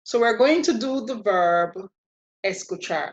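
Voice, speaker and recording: A woman talks through a language lesson at an unhurried, deliberate pace. Her manner is patient and a little playful, and she spells out every step carefully. Her voice sits at an ordinary middle pitch. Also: animated, muffled recording. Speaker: Spanish teacher.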